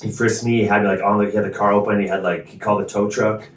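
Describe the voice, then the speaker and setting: A man in his forties chatting casually on a podcast, an animated storyteller who swears freely. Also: on the low side, very fast. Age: 40s. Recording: roomy, distant mic.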